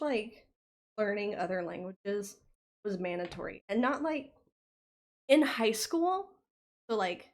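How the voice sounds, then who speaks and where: A young American woman with a soft Southern accent, chatting casually with her stream viewers. She rambles and often pauses on fillers. Her voice sits at an ordinary mid pitch. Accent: light Southern US. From United States. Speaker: livestreamer.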